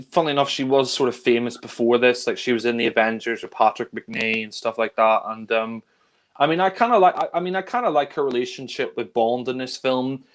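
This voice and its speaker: A man with an ordinary mid-pitched voice talks easygoingly and at length about films, full of enthusiasm. He comes across as one co-host in a casual chat among friends.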